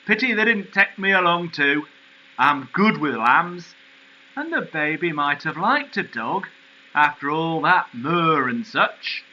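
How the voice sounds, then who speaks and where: A man voicing a plain-spoken male sheepdog with a Northern English accent, telling his story slowly. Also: fairly high pitch, animated, sharp tone, highs cut off, a little hiss or hum, full character voice. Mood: wistful. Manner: slow, homely storytelling.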